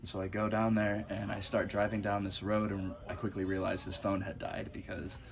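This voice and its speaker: A man's voice: fairly low pitch, moderate pace, gravelly, slight background noise. Laughing man telling a road story. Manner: animated, laughing often. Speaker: support driver for a cross-country bike ride. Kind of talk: casual storytelling.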